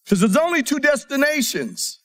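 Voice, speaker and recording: A man preaching a sermon to a congregation, reading scripture aloud, his delivery swinging between soft, quiet passages and rising emphasis. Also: very high voice, very animated, moderate pace.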